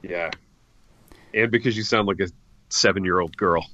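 A man's voice: sits low, normal speed, bright, forceful tone, no echo. A man co-hosting a podcast in casual comedic banter, joking and calling his co-hosts "baby". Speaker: podcast co-host. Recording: dull, lo-fi dry sound.

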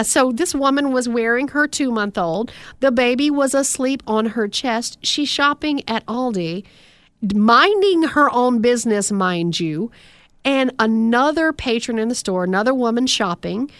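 A woman in her thirties co-hosts a casual podcast, slightly high in pitch and animated as she tells her stories. She slips into indignant asides. The sound is dry and close, with no room echo. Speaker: podcast co-host. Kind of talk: casual chat.

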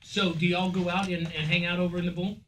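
A man's voice: high voice, little pitch movement, quick pace, a bit bright, slight background noise. A man from an event committee, a guest chatting friendly and plainly on a radio show. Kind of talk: casual on-air chat. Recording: voice off-mic at a distance.

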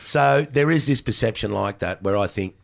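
An Australian man in his sixties, a former cricketer, telling animated stories in casual chat and swearing freely. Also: lowish voice, moderate pace, creaky. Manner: animated, acts out exchanges in raised voice, swears freely. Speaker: podcast guest, former cricketer.

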